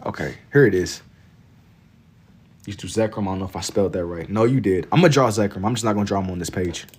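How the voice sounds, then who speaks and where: Young man from Kentucky, slightly low voice, laid-back slangy livestream chatter while drawing. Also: fast talker, darkish tone, slightly rough. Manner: laid-back and slangy, reading chat aloud. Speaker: livestreaming artist.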